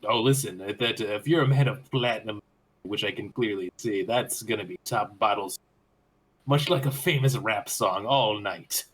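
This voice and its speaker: Dude playing a schmoozy bartender, fancy-talking, low husky voice. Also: male voice, moderate pace, fairly bright tone. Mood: eager. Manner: flowery, mock-formal. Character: greedy, flattering male bartender in plague doctor goggles.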